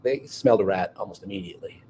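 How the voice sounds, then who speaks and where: A man's voice: sits low, quick pace, dark tone, a little hiss or hum, rough recording. A man being interviewed in a pub, chatting in an amused, casual way.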